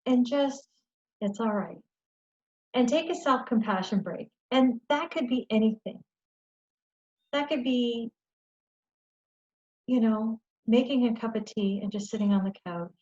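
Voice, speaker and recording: A woman presenting a webinar for caregivers, talking in a gentle, reassuring way and often checking in with "okay?". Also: fairly high pitch, a little slow, long pauses, muffled recording. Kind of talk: educational webinar talk.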